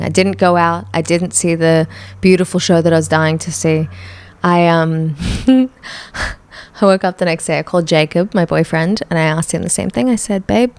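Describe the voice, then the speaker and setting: Gravelly-voiced woman, chatty and candid. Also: low-pitched, darkish tone. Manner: candid, chatty, self-mocking storytelling. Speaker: podcast host. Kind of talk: solo podcast storytelling.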